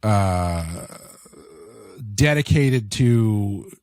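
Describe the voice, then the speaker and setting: A man's voice: fairly low pitch, animated, drawn-out words, a little mellow, no room sound. A man co-hosting a podcast in a rambling, casual review chat, swearing now and then. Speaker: podcast co-host.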